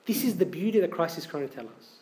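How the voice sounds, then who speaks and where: A man's voice: fairly high pitch, lively intonation, fast, a little mellow. A man in his thirties preaching a sermon in a conversational way, full of rhetorical questions. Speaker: priest.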